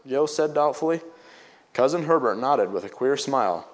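A man reading an old-fashioned story aloud, now and then pausing to explain it in plain words. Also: mid-range voice, animated. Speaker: story reader.

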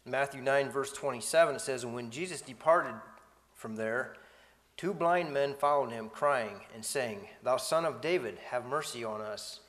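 A man in a reverberant space reads scripture aloud and comments between the passages. He stumbles and restarts now and then. His voice sits at a middling pitch. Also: moderate pace, a bit bright. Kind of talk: Bible study reading and commentary.

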